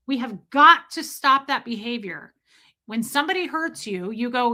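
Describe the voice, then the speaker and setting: A woman's voice: on the high side, lively intonation, normal speed, pushed and bright. A woman hosting a casual livestream, telling a story emphatically and acting out the voices of people in it. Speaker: livestream host.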